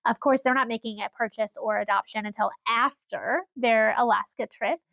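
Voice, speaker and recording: A woman co-hosting a casual podcast, telling stories in an animated way and laughing often. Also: fairly high pitch, moderate pace, vocal fry, dry recording, dull audio. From Iowa. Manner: animated storyteller, laughs often, acts out quoted people. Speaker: podcast co-host.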